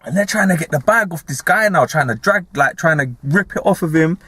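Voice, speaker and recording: Animated young man with a London accent. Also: on the high side, fairly quick, husky, dry recording. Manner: animated, slangy, laughing often. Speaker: podcast host. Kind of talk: casual storytelling.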